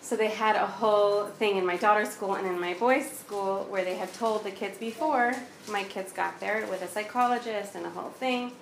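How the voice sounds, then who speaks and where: A woman's voice: medium pitch, moderate pace, vocal fry, hardly any pauses, a little hiss or hum. A woman in her thirties telling a personal story in a candid, conversational way, acting out the dialogue as she goes. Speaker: guest sharing a personal story. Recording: roomy echo.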